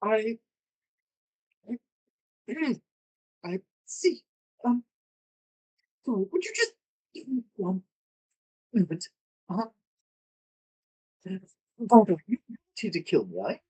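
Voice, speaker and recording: A man voicing a weepy elven shapeshifter who speaks high and trembling, stammering through his words. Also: very animated, slow pace, pauses often, darkish tone, slightly rough, heavily acted, poor audio. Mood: nervous. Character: weepy fey elf shifter, high and fragile.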